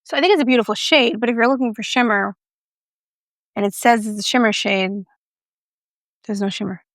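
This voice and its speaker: A woman's voice: a little high, fairly quick, a bit bright, no echo, studio quality. A woman giving a casual makeup review with a playful, chatty manner and joking asides. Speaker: beauty vlogger.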